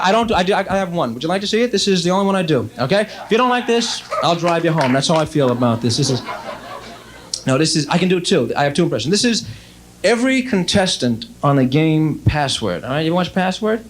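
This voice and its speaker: A young man performs stand-up on stage, his voice pitched high and lively. He talks in a chatty rush, breaking into his own sentences with quick asides. The old broadcast tape carries a faint hiss. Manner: chatty, quick asides with frequent self-interruptions. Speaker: stand-up comedian. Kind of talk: stand-up routine. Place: stage before a laughing audience.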